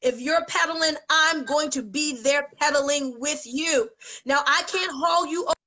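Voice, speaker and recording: An American woman giving a fervent, preacher-like motivational pitch to her business team on a live video, emotional at times. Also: a little slow, bright, forceful tone, low-quality recording. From United States. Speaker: network marketing leader.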